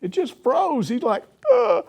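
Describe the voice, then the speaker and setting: A man's voice: medium pitch, moderate pace. An older man, a sports reporter, telling anecdotes in a casual chat and laughing as he goes. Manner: animated storyteller, laughs through anecdotes. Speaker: sports reporter answering questions.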